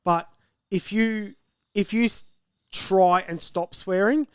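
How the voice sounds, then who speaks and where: A man's voice: high voice, slow, clear, resonant tone, no room sound, clean studio sound. An Australian man co-hosting a podcast, talking in an easygoing, reflective way. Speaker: podcast co-host. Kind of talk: casual chat.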